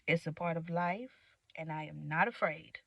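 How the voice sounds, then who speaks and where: A young woman venting in a candid, profane monologue, swinging from loud outbursts to low mutters. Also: moderate pace, creaky, no room sound. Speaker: vlogger.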